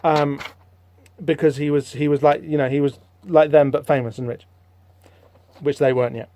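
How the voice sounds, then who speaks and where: A man hosting a podcast, rambling through a comic book issue in casual, animated commentary with lots of fillers. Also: on the high side, normal speed, no room sound. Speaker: podcast host.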